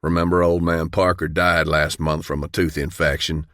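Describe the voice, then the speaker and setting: A man's voice: rumbling low, flat delivery, normal speed, a bit bright, no echo, studio quality. A man voicing a jovial small-town male dentist who talks in a cheerful, matter-of-fact way.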